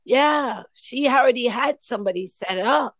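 A woman telling family stories in casual chat, animated and lively with acted quotes. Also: fairly high pitch, moderate pace, dry recording.

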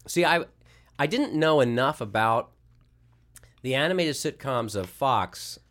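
A male voice actor chatting as a podcast guest, his voice sitting at an ordinary middle pitch. He rambles, restarts his sentences and laughs at his own stories. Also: expressive, measured pace, fairly bright tone. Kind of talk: casual podcast interview.

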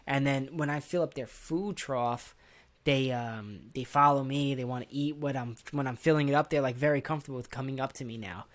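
Young male podcast co-host, laid-back, rambling, lots of filler, relaxed casual talk. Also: mid-range voice, fairly quick. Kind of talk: casual chat.

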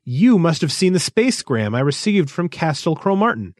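A man's voice: a little high, very animated, moderate pace, darkish tone, no room sound, studio quality, pitched above the performer's own voice. A man doing an anxious, harried agent. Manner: anxious, bitter, urgent.

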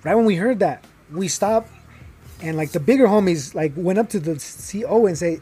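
A young man, telling a personal story in casual talk, animated and full of fillers, acting out the people he quotes. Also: high-pitched, moderate pace, husky. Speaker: guest telling his story.

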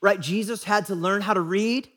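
A man with a fairly high voice preaches a sermon. He keeps it conversational and chatty, checks in with his listeners, and briefly acts out the people he quotes. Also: moderate pace, a bit bright. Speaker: pastor.

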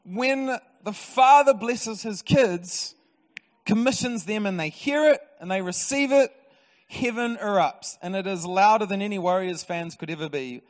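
A man preaching a sermon in a church, lively and storytelling with touches of humour. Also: sits high, measured pace. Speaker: pastor. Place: church auditorium. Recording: long reverb of a church hall.

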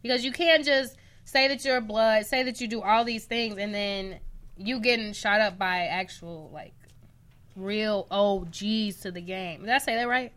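A woman co-hosting a casual pop culture chat, playful and quick to laugh. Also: medium pitch. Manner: playful, laughs often, animated. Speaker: co-host.

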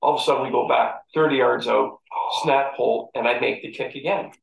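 A man telling stories from his playing days in a casual interview, animated, acting out quotes and laughing often. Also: mid-range voice, fairly quick, creaky. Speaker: interview guest, former athlete. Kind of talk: casual storytelling. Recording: echoey room.

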